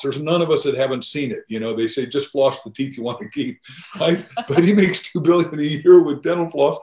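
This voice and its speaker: A man's voice: mid-range voice, a little mellow. An older man from the United States, a guest author talking in an emphatic, motivational way in an interview. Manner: emphatic, motivational, laughs between points. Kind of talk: enthusiastic interview talk. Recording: roomy echo.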